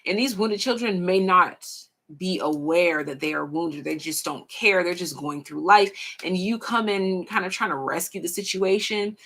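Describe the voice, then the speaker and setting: A young woman giving a casual pick-a-card tarot reading, frank and slangy, swearing freely and stretching out her pauses. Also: fairly low pitch, creaky, a bit bright. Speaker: tarot reader.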